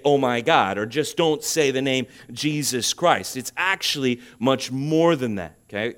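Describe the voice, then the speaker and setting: A man preaching a sermon as pastor, building to loud emphatic peaks on key points and checking in with the congregation. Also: on the high side. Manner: asks the congregation "okay?" to check understanding.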